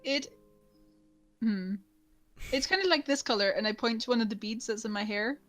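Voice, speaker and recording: A woman player in a tabletop game who asks curious, rapid-fire questions. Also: on the high side, soft background music. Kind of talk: in-character tabletop role-play.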